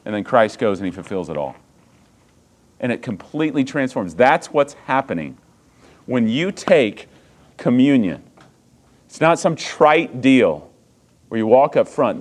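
A pastor delivers a sermon, shifting from hushed, slow stretches to loud, emphatic ones and putting rhetorical questions to the congregation. His voice is medium-pitched with a sing-song quality.

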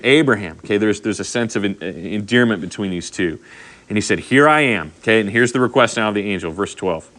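Man, pastor, sermon, bright forceful tone, slightly low voice, chatty asides. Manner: conversational, animated storytelling with frequent "okay?" asides.

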